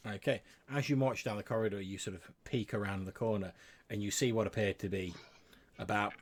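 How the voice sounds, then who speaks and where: A man's voice: lowish voice, fairly even intonation, fairly quick. A man narrating a tabletop game as game master, rambling with lots of fillers and restarts.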